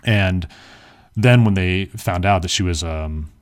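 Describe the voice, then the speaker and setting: A man's voice: sits low, takes it slowly, clean tone. A young man telling a personal story in a casual, rambling way, full of fillers and self-mocking asides.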